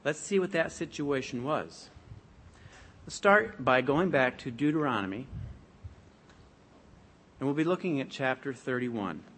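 A man's voice: mid-range voice, lively intonation, unhurried, long pauses, fairly bright tone. Emphatic male preacher reading scripture.

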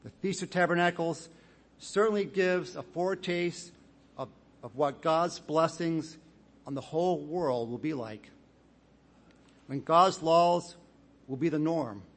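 Measured, fairly high-voiced male preacher. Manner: measured, deliberate delivery, reads scripture aloud with rising emphasis. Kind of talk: sermon with scripture reading.

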